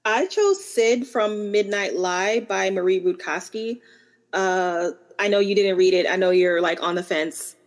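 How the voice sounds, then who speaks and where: A woman's voice: mid-range voice, measured pace. A young adult woman co-hosting a book podcast, chatting casually and laughing at herself.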